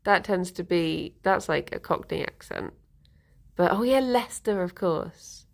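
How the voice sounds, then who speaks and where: Young woman, casual stream chat, giggly, gravelly, unhurried. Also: on the low side, animated. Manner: chatty, giggly, reads and answers viewer comments.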